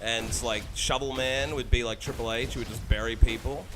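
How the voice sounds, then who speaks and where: A man's voice: medium pitch, steady tone, normal speed, background noise. A man with an Australian accent touched by American vowels, chatting casually and rambling between tangents while he plays and streams a game, swearing freely. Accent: Australian with a slight American tint. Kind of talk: casual chat while gaming.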